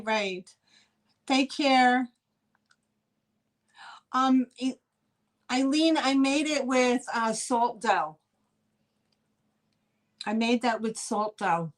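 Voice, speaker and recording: A woman's voice: fairly high pitch, slow, long pauses. A woman with a New York accent hosting a live online sale, chatting with viewers and greeting them by name. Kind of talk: live-stream selling chat.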